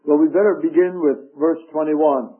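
A man preaching a sermon, slow and emphatic, reading scripture aloud. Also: a little high, steady tone. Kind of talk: radio sermon. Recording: tinny phone-like radio broadcast.

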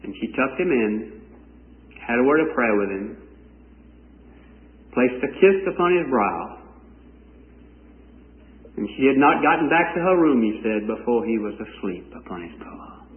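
A man's voice: mid-range voice, big pitch swings, a little slow, long pauses. A man preaching a sermon to a congregation, stretching scripture out in a fervent sing-song cadence. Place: church service before a congregation. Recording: echoey hall on a tinny lo-fi recording.

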